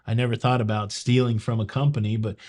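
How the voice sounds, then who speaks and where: A man's voice: mid-range voice, flat delivery, fast, a little mellow. A man from the American South with a Southern accent, hosting a cruise news show in a joking, wisecracking way and talking straight to viewers. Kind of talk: casual news commentary.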